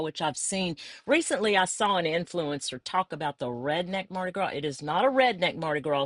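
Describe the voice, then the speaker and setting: A middle-aged woman with a South Louisiana accent talks in a casual, meandering way, fond and chatty. Her voice sits low, and the recording is close and dry with no room sound. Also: no room sound. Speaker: crafter. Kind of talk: casual craft flip-through.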